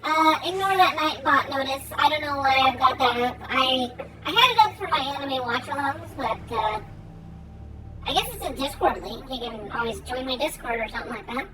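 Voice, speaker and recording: A woman's voice: high voice, expressive, normal speed, noisy background. A woman streaming a game, chatting casually and giggly as she plays. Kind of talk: casual gameplay commentary. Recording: game music playing underneath. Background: game music.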